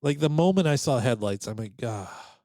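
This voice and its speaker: A man's voice: fairly high pitch, fast, no echo. A man casually telling a story on a podcast, acting out the voices of the people in it. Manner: animated, acts out quoted voices. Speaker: podcast host.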